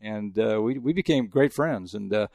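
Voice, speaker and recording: A man's voice: fairly low pitch, expressive, normal speed, gravelly, dark tone, dry recording, studio quality. An older man from El Paso, a veteran sportswriter telling rambling stories in a casual interview. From El Paso, Texas. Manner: rambling anecdotes with frequent restarts. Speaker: guest sportswriter.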